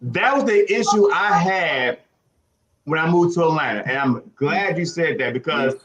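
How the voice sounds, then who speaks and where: A man in his forties from Chicago, hosting a casual chat and giving animated, preachy advice. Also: on the high side, moderate pace. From Chicago, USA. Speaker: host.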